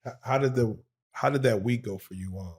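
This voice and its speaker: A man's voice: medium pitch, fairly quick. A man hosting an interview, asking brief, hesitant questions from off-mic. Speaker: interviewer, host. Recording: off-mic, distant.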